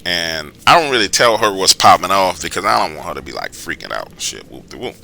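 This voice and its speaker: Lively profane man telling a story. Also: deep voice, a little fast, gravelly. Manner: profane, slangy, animated retelling. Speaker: channel host telling his own paranormal encounters. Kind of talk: casual spoken storytelling.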